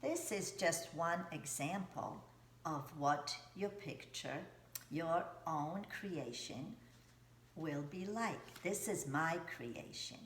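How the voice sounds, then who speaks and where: A middle-aged woman teaches young children about art in a gentle, coaxing way, often pausing to ask them questions. Her voice sits low and she speaks slowly and plainly. She is recorded in an echoey room with a faint hiss behind her. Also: expressive. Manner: slow, simple, coaxing teacher talk with questions to kids.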